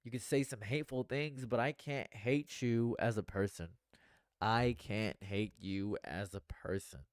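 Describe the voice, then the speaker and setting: A man's voice: lowish voice, a little slow, clean tone, no echo. Guy streaming, earnest rambly talk, repeats stuff a lot, dry close mic. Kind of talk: live stream monologue.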